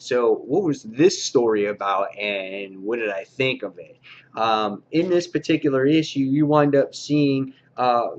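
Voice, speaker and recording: A man's voice: medium pitch, dull audio. Casual man reviewing comic books. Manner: casual, many "uh" fillers, loose rambling delivery. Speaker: comic book reviewer, host.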